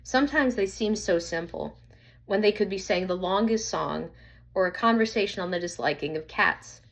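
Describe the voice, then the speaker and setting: A woman narrating a children's storybook in an earnest, slightly halting reading. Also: mid-range voice, vocal fry.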